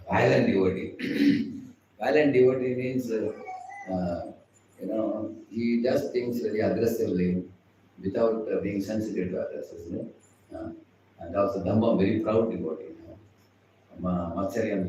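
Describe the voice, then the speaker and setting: Low-voiced Indian man teaching in a hall. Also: mellow, a little hiss or hum. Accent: Indian English. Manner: chatty, laughs often, acts out quoted speakers. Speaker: spiritual teacher. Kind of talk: devotional class talk. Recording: echoey hall, far from the mic.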